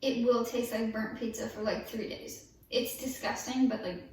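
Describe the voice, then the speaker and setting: In pain after dental surgery, a woman vlogger speaks casually and openly, chatty and expressive, at a moderate pace in a fairly high voice. She is far from the mic in an echoey room, and faint yard work can be heard outside.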